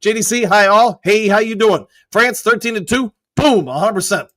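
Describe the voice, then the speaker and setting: Male stream host, high voice, upbeat, rattles off chat comments with whoops. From Michigan. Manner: upbeat, reads comments aloud with quick shout-outs and whoops. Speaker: host reading live chat. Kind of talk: casual live-stream chat.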